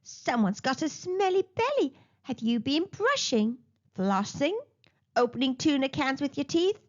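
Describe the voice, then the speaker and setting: Storybook figure: a woman playing a nervous, stammering male dolphin dentist, high and bouncy, slow. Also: sing-song, muffled recording. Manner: stammering, panicky. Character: jittery male dolphin dentist, easily scared.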